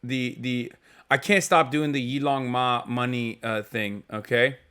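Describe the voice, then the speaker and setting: A man's voice: medium pitch, steady tone, measured pace, sharp tone, clean tone. A man streaming live, reacting to news clips with emphatic, profane, rambling commentary full of fillers. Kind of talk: casual political commentary.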